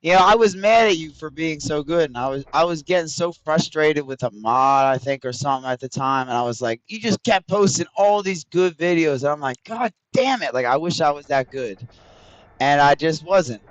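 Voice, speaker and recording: Higher-voiced man rambling to his stream chat. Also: normal speed, no room sound. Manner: rambling, profane, talks straight to chat. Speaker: game streamer. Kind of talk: casual livestream chat with viewers.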